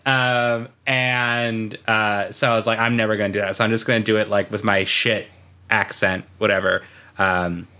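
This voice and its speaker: A man's voice: fairly low pitch, level tone, moderate pace, bright, forceful tone. A man co-hosting a podcast in casual chat, rambling and laughing at his own jokes. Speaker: podcast co-host.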